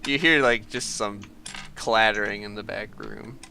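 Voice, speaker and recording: A man's voice: on the low side, measured pace, gravelly, sharp tone. A man narrating as game master of a tabletop game, rambling casually with lots of "like". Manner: rambling, full of "like" and laughter.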